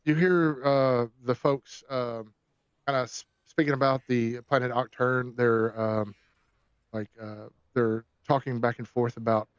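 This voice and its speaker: Halting game master, dull dry recording. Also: male voice, mid-range voice, fairly even intonation, clear, resonant tone, dry recording. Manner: halting, many ums and restarts while describing scenes. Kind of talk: narrating a tabletop game.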